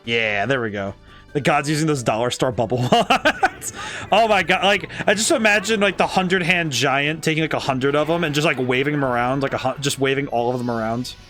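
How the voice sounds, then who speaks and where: A man giving casual live-stream commentary on a game he is playing, excitable, laughing often and thinking aloud. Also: medium pitch, fairly quick, soft background music.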